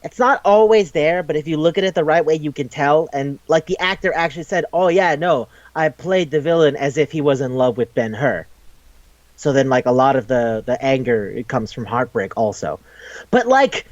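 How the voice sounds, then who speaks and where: A man with a somewhat high voice talks casually on a podcast, rambling loosely, swearing and acting out quoted lines. The recording is dry and a little dull. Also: no echo. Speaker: podcast co-host. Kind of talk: casual chat retelling a manga.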